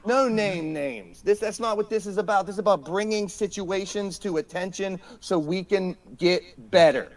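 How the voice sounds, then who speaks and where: A high-voiced man, fired up and ranting on a casual podcast. He swears often and repeats his points again and again for emphasis. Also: normal speed, hardly any pauses. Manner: profane, emphatic, repeats himself. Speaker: podcast guest.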